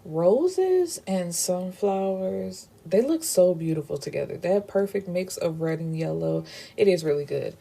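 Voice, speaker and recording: Mellow-voiced woman recapping a book. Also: lowish voice, unhurried, creaky. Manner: animated, profane, acts out character dialogue. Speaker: book reviewer.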